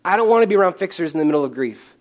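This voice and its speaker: A male pastor preaching a sermon into a microphone, moving from loud, pleading bursts to hushed, slow passages. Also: high voice, expressive.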